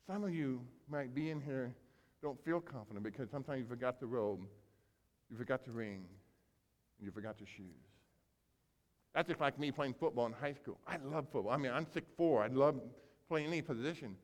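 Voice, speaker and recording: A man preaching a sermon as pastor, telling a story with animated acting-out of characters and big swings between loud and soft. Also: mid-range voice, a little fast. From grew up on a small farm. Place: church sanctuary. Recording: long hall reverb.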